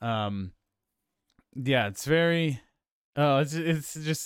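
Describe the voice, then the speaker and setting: A man's voice: on the high side, animated, slow, clean tone, no echo, clean studio sound. A man hosting a casual film discussion podcast, rambling with lots of fillers and restarts. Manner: rambling, many fillers and restarts, laughs easily. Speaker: podcast host.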